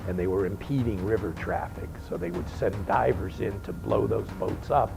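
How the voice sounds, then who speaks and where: A gravelly, low-voiced man in his seventies tells his stories with wry humor. He acts out the remarks of the people he quotes, and faint music plays behind him. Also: normal speed, rough recording. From Miami, Florida. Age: 70s. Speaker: interviewed veteran. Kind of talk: storytelling interview.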